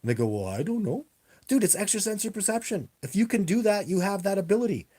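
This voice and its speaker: A man's voice: sits high, big pitch swings, very fast, darkish tone, slightly rough. A man hosting a casual livestream and answering viewer questions in a rambling, emphatic way, speaking into a webcam. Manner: rambling, emphatic, repeats himself. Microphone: webcam on a live video stream.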